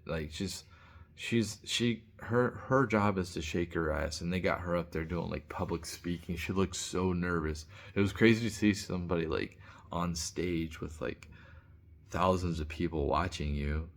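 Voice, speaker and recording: A man with a low, deep voice talks through a casual opinion monologue. He is blunt and rambling, restarting sentences and leaning on filler words as he goes. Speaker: commentator.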